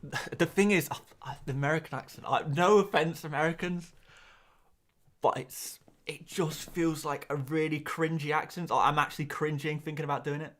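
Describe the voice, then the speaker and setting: A man's voice: on the high side, steady tone, moderate pace, a bit bright. A man with an English accent, hosting a live stream and answering viewers in a rambling, self-deprecating way, often repeating words, from a small cupboard-like room. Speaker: host.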